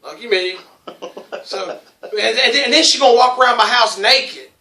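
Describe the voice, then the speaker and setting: A man's voice: very high-pitched, normal speed, sharp tone. A man hosting a casual podcast who tells crude stories, rambling and laughing as he goes. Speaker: podcast host. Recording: echoey, distant room mic.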